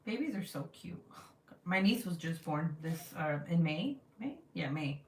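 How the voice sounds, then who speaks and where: A woman's voice: fairly low pitch, animated, a little slow, slight background noise. A woman in her thirties talks casually to her viewers while she crafts, swearing freely and laughing often. She slips into little voices when she quotes people. Her voice rings off the walls of an echoey room. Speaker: vlogger chatting with live viewers. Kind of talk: casual live-stream chat while crafting.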